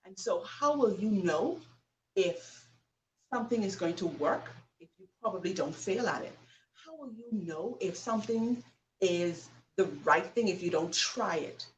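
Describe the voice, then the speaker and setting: A woman's voice: mid-range voice, animated, unhurried, distant mic, a little hiss or hum, low-quality recording. Emphatic woman giving a motivational talk. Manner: emphatic, preachy, with rhetorical questions. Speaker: host.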